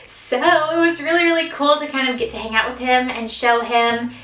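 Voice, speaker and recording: A woman in her twenties chats through a casual vlog story in a bright, slightly high voice, giggly and self-deprecating, with plenty of fillers. She sits back from the mic in an echoey room. Light music plays faintly underneath. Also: level tone, moderate pace, distant mic. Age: 20s. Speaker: vlogger.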